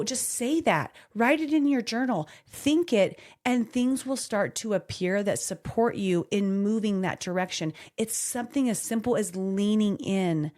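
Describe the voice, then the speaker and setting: A woman's voice: mid-range voice, unhurried, few pauses, darkish tone. A middle-aged woman co-hosting a podcast, talking casually and drawing reflective life lessons like a coach. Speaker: podcast co-host.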